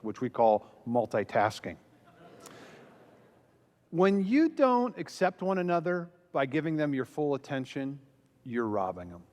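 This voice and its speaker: Animated man telling a story in a hall. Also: on the high side. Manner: animated storyteller, acts out quoted lines. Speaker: pastor. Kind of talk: conference talk with storytelling. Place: large hall before an audience. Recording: long reverb of a large hall.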